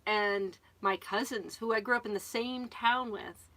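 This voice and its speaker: A middle-aged woman from Connecticut co-hosting a live RV chat, chatty and quick to laugh. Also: medium pitch, bright, forceful tone. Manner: chatty, laughs often, reads comments aloud. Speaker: co-host reading viewer comments.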